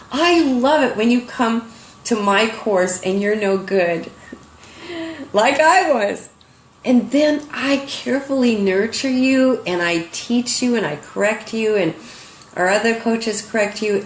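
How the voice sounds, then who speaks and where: A woman's voice: mid-range voice, reverberant, a little hiss or hum, poor audio. Sentimental older woman art teacher. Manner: sentimental, emotional storytelling. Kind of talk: heartfelt online lesson talk.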